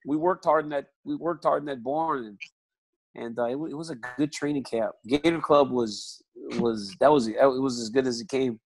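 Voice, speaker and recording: A man's voice: mid-range voice, normal speed, poor audio. A man, a podcast guest, telling stories in casual chat, emphatic and laughing, repeating his phrases.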